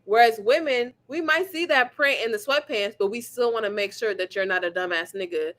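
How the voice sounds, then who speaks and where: A woman's voice: a little high, fairly quick, fairly bright tone. A woman co-hosting a podcast in casual chat, speaking bluntly and frankly, with plenty of swearing. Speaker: podcast co-host.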